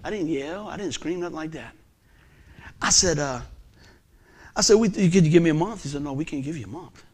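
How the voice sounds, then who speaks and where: A man, preaching a sermon as a folksy storyteller whose delivery swings from loud bursts to hushed asides. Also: on the high side, lively intonation, a little fast, husky. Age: 50s.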